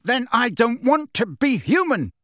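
A man reading an audiobook, voicing a grieving teenage boy wizard who shouts with a shaking voice. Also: fairly high pitch, sing-song, normal speed, no room sound, studio quality. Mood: furious. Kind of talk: audiobook character voice.

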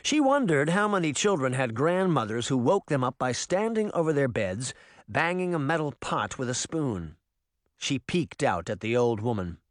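Male audiobook narrator, expressive and animated reading, dry studio recording. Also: mid-range voice, no echo. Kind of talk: scripted narration.

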